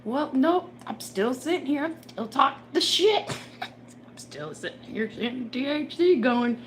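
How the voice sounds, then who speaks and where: A woman's voice: high voice, big pitch swings, a little slow. A woman reader talking casually in a rambling, profane monologue, laughing often as she rants. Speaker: tarot reader. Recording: background noise.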